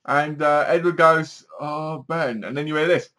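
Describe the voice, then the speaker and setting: A man's voice: on the high side, fairly bright tone. A man giving a casual spoken review of a TV episode, acting out the scenes as he retells them. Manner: chatty, acts out scenes with sighs and gasps.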